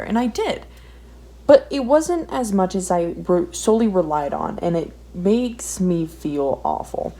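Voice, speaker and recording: A woman's voice: medium pitch, expressive, unhurried, warm tone. A young woman chatting casually while she draws, rambling, swearing often and putting herself down. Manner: swears a lot, rambling and self-deprecating. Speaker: art vlogger. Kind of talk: casual ranting while drawing. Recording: faint background noise.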